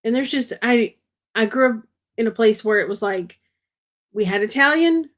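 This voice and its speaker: A woman's voice: a little high, expressive, moderate pace. A woman from Texas co-hosting a casual chat, telling chatty stories with a giggle. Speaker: co-host.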